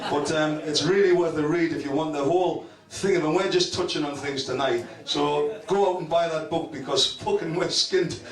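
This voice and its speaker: A middle-aged man hosting a live interview on stage, cracking crude jokes between questions. His voice sits a bit high for a man. It echoes around the function room from a distant mic, and an audience is heard clearly underneath. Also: fairly even intonation, moderate pace, few pauses. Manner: joking, profane, plugs and asides. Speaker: host, interviewer. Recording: echoey room, far mic, crowd noise.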